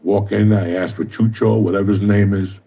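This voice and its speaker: A man's voice: fairly low pitch, fairly even intonation, normal speed, creaky, dark tone, husky. A middle-aged man, telling profane, streetwise stories in casual chat. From New Jersey. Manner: streetwise, swears constantly, tells stories with mimicked dialogue.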